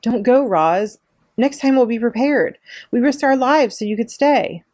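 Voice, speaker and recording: A woman's voice: lowish voice, lively intonation, moderate pace, a little mellow, slight background noise, natural voice. A woman reading aloud, voicing a crowd of upset island animals with raised, pleading cries.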